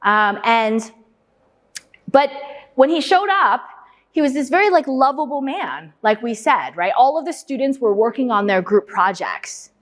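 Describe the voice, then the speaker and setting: A woman with a fairly high voice gives a lively lecture, firing questions at the audience and echoing their answers back. She spins anecdotes and keeps checking in with them as she goes. Her voice carries a long reverb from a large hall. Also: measured pace. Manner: lively anecdotal storyteller with frequent "right?" and "okay?". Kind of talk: interactive lecture with storytelling.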